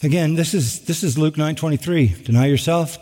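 A middle-aged man preaching a sermon, animated, with sarcastic asides and acted-out quotes. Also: on the high side, fairly quick. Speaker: pastor. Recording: long hall reverb.

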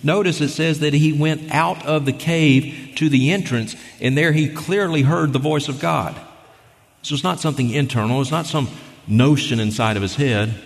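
In a church sanctuary with the long reverb of a large hall, a guest preacher with a fairly high, creaky voice delivers a sermon at normal speed. He reads scripture aloud and argues his points emphatically.

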